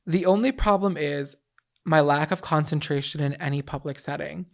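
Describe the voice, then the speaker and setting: A woman co-hosting a podcast, reading listener stories and adding emphatic, animated commentary. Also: deep voice, moderate pace. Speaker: podcast co-host. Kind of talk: casual chat, reading listener stories aloud.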